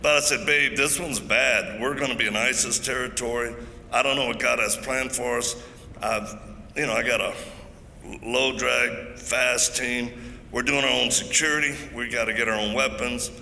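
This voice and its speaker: At a large event, a man with a mid-range voice, vocal fry, and a bright, forceful tone gives an emphatic preaching-style talk, telling stories and cracking jokes at normal speed with fairly even intonation. The hall is echoey, with faint noise.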